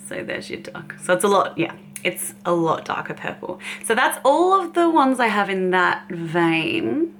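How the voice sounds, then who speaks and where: A woman's voice: on the low side, fairly bright tone, slight background noise. A woman beauty vlogger chatting casually and cheerfully as she swatches makeup, laughing often.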